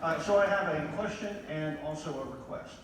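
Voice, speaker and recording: Audience member, male, halting question, distant in an echoing hall, background noise. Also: fairly high pitch. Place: large convention hall. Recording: echoey hall, voice from far off.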